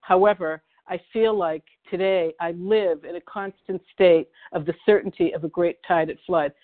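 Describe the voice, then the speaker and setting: A woman from the Boston area sharing her recovery story at a meeting, halting and emotional, with many pauses and restarts. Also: fairly low pitch, fairly even intonation. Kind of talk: personal recovery share. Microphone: phone dial-in. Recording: tinny phone line.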